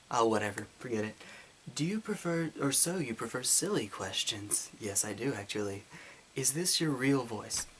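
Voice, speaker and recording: A man with a light Southern US twang, answering viewer questions in a casual Q&A while holding his voice deeper and fuller than usual. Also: slight background noise. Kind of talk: casual Q&A monologue.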